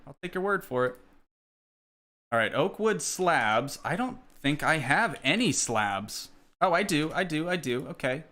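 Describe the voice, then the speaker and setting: An American man in his young adult years rambles through his gameplay in a loose, thinking-aloud way, talking to his viewers as he goes. His voice sits at an average pitch with a bright edge. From United States. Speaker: gaming streamer. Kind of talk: casual live gameplay chat.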